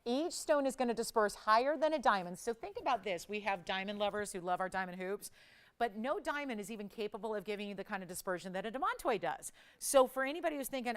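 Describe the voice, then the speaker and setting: A woman hosting a live jewelry shopping show, pitching pieces with enthusiastic urgency and gushing praise. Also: expressive, fast, smooth. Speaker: shopping channel jewelry host.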